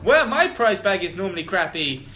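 Hosting a comedy panel podcast, a man rambles, swears, chats and laughs. His high-pitched voice is sing-song, bright and forceful at a moderate pace. There's slight background noise and a roomy echo.

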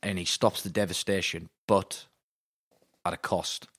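Excitable man, casual film chat. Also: low voice, measured pace. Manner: excitable, swears freely, quotes lines. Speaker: podcast co-host.

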